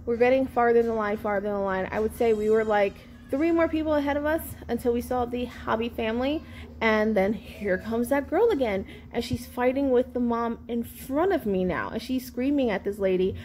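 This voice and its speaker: A woman in her thirties, a vlogger telling a sassy, animated storytime about an outing with her kids. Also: fairly high pitch, fairly quick, a little hiss or hum. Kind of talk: storytime vlog.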